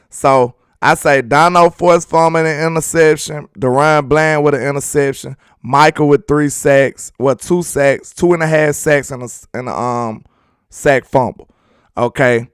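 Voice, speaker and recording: A man's voice: a little high, fairly bright tone, clear, resonant tone, dry recording, clean studio sound. A young man hosting a casual football livestream, talking loosely to his chat and laughing often. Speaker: sports channel host.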